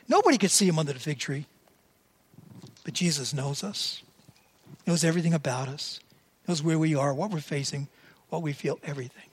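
An older man in his seventies delivers a sermon like a chat with his congregation. He tells stories and puts a lift into quoted lines. His voice sits somewhat higher than most men's. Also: animated, fairly quick, pauses often, slightly rough. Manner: conversational storytelling, voices quotes animatedly. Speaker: preacher.

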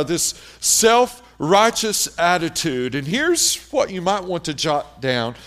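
A man's voice: high voice, a bit bright. A man preaching a sermon, emphatic, repeating key phrases and speaking directly to the congregation. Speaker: pastor.

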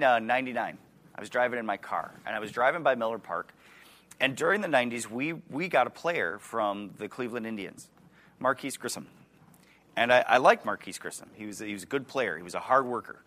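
This Wisconsin-accented preacher in his forties speaks fairly quickly with lively intonation and a bright, forceful tone from a mid-range voice. His sermon is conversational, asking the audience questions and restarting words.

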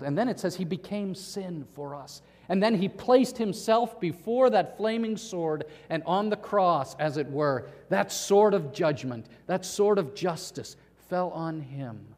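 A male pastor preaching a sermon, emphatic, with dramatic pauses and acted-out quotations. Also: fairly high pitch, darkish tone, long reverb tail.

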